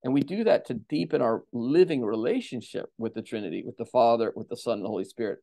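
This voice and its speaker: A man as a guest on a podcast, answering questions in a measured, explanatory way, like a lecturer. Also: medium pitch, gravelly, warm tone. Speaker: theologian guest.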